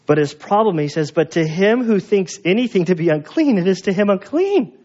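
A man preaching a sermon as pastor, telling stories in an animated way and acting out the voices of the people in them. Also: high voice, a little fast, highs cut off. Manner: animated storyteller, acts out quoted voices. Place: church.

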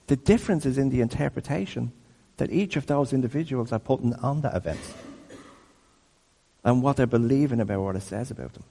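Long hall reverb surrounds this man in his fifties, whose mellow mid-range voice carries vocal fry and moves a little fast. His talk is a conversational teaching in sermon style, often asking the audience questions.

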